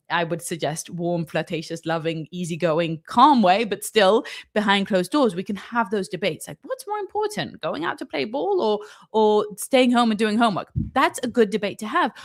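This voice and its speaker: A woman marriage coach answering viewer questions in an advice video, talking in an animated, emphatic way and checking in often with the viewer. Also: mid-range voice, moderate pace. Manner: animated, emphatic, lots of "okay?" check-ins.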